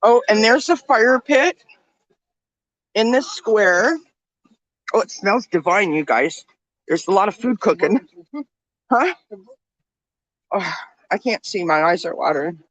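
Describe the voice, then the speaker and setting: A woman walks and talks into a handheld phone outdoors in a snowy resort village, a little out of breath. She chats with her viewers as friends, her voice in the middle pitch range and close and dry. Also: expressive, slow, pauses often, no room sound, muffled recording. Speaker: vlogger. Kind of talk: walking vlog.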